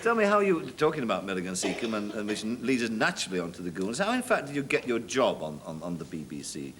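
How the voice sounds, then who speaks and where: A man's voice: on the low side, very animated, fast talker, a bit bright. An English man hosting a television chat show, prompting his guest with questions. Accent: Northern English. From England. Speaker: talk show host. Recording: 1970s TV studio recording, clear hiss.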